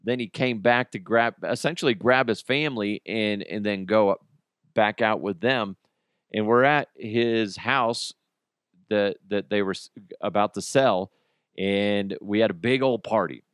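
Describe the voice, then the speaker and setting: A man hosting a solo podcast, telling stories in a lively way and laughing often. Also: fairly low pitch, a little slow, clear, resonant tone, dry recording, studio quality. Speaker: podcast host.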